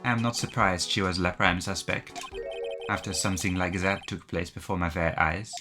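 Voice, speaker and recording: A man voicing a charming male French restaurateur, with a deliberately over-the-top fake French accent, speaking slowly and suavely. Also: fairly low pitch, creaky, music in the background.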